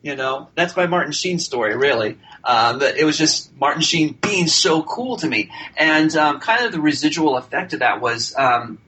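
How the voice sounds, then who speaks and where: A man's voice: fairly high pitch, expressive, moderate pace, few pauses, bright, forceful tone, poor audio. A man, a working actor, telling a casual story as a podcast guest, chatty and full of fillers and restarts.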